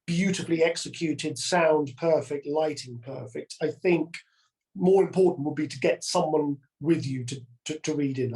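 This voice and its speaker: A man's voice: on the high side, a little mellow, poor audio. A man chatting as an actor guest, earnest and reflective, repeating words as he thinks. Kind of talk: relaxed conversational chat.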